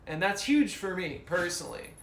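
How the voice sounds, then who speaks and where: A man chatting casually on a live stream from his home, slow and hesitant with many fillers. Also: high-pitched, big pitch swings, creaky, a bit bright. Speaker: streamer and musician. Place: home room. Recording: roomy echo, faint room noise.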